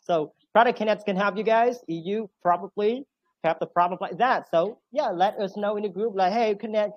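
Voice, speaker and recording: A man's voice: sits high, no room sound, dull audio. A man hosting an online English Q&A on a video call, chatty, with many fillers and frequent laughs. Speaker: host.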